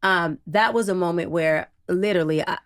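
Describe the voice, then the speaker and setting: A woman guest on a podcast, a psychologist and TV producer, telling a personal story in a casual, expressive way with slang. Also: moderate pace, no room sound, clean studio sound. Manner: expressive, casual and slangy, acts out quotes with big pitch jumps. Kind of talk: animated personal storytelling in an interview.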